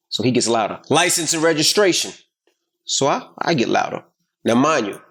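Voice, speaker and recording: Man, thirties, podcast co-host, animated storyteller, profane, mid-pitched. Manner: animated, profane, acts out quotes loudly. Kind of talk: casual storytelling chat.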